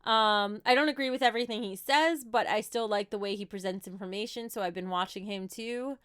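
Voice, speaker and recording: A woman's voice: medium pitch, brisk, a bit bright, clean tone, no room sound, clean studio sound. A woman in her thirties with a New Jersey accent, chatting casually on a livestream as she answers viewer questions with light laughs. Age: 30s.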